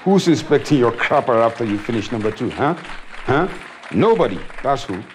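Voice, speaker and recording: A man's voice: medium pitch, very animated, normal speed, a crowd in the background, background noise. A man doing a comic monologue in a wry, self-mocking way, often chuckling. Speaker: comedian.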